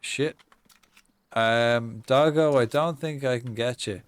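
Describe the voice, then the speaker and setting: A man's voice: mid-range voice, slow pace, smooth. An Irish man chatting casually on a live gaming stream, swearing often and telling stories with mock-acted reactions. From Ireland. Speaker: game streamer.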